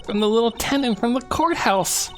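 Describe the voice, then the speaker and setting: A man voicing an excitable, goofy young man who talks loudly. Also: extremely high pitch, fairly quick, soft background music, voice pushed up. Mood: excited. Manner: loud, excitable.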